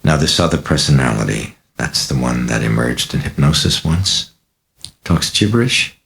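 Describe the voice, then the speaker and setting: A weary Jesuit priest in a horror audiobook, read by a man, asking calm, measured questions. His voice is very deep and gravelly. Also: full character voice.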